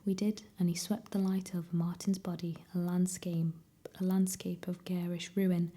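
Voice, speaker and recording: A woman reading a novel aloud as an ASMR reader, in a soft whispered role-play. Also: on the low side, flat delivery, normal speed.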